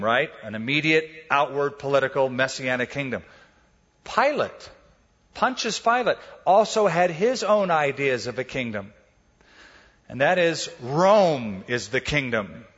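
A man, preaching a sermon as a pastor and telling it with lively storytelling. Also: on the high side, husky. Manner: animated storytelling, acts out quotes. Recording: dull, echoey hall recording.

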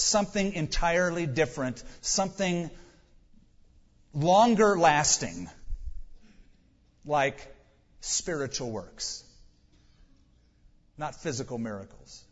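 A man's voice: lively intonation, slow pace, long pauses. A man preaching a sermon, working through numbered points with rhetorical questions and sudden bursts of emphasis. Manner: sudden rises in pitch and volume for emphasis. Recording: long hall reverb, dull lo-fi sound.

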